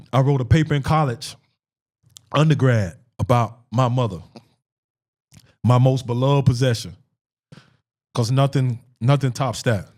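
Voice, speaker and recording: A man's voice: medium pitch, darkish tone. A man co-hosting a podcast, telling a personal story in an emphatic, conversational way, repeating phrases for stress. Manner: conversational, acts out quoted dialogue. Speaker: podcast co-host.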